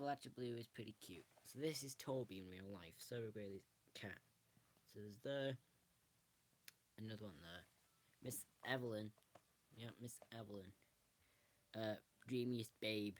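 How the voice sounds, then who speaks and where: A man, casually showing a book on camera and rambling through it with frequent restarts. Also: medium pitch. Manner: rambling, restarts often, self-correcting. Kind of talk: casual show-and-tell.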